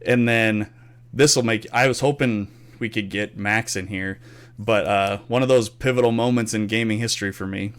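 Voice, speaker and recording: Low, smooth-voiced man telling stories. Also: moderate pace. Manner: animated storyteller, swears freely, acts out quotes. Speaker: podcast host. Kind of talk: casual storytelling chat.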